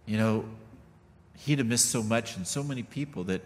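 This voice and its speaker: A man's voice: medium pitch, moderate pace. A middle-aged man preaching a sermon in a casual, folksy way, full of asides to the congregation. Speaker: pastor. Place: church sanctuary. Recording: long reverb of a church hall.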